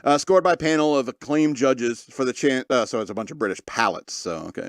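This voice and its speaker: A man's voice: mid-range voice, a little fast, no room sound, studio quality. A man hosting a podcast, reading news stories aloud and breaking off into sarcastic, mocking asides. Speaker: podcast host. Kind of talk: comedic news commentary.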